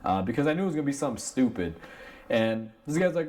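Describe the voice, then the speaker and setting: A man's voice: mid-range voice, very animated, quick pace, darkish tone. A man in an ordinary middle register tells a story from his auto shop to camera in a loose, conversational way. He fills his sentences with "you know" and "like". He keeps the tone candid and plainspoken, and when he quotes the customer and himself he stays in his own natural voice. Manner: candid, conversational, acts out both sides of a dialogue; many fillers like "you know" and "like". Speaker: auto mechanic, shop owner.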